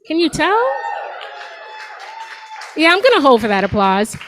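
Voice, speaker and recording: A woman's voice: sits high, sing-song, unhurried, fairly bright tone, low-quality recording. A woman in her forties doing a stand-up set on a comedy club stage, talking to the crowd in a sassy, conversational way. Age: 40s.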